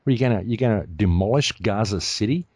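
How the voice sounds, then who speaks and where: A low, mellow-toned man speaks as an interview guest. He talks in an emphatic, indignant rant. The sound is dry, with little room around it. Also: expressive, fast talker, dry recording. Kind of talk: heated interview talk.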